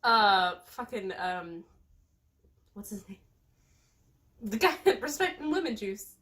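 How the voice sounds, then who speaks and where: A woman's voice: mid-range voice, very animated, takes it slowly, fairly bright tone. A young adult woman chatting casually as a guest, bubbly and joking, swearing freely. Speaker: guest reviewer. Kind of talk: casual chat.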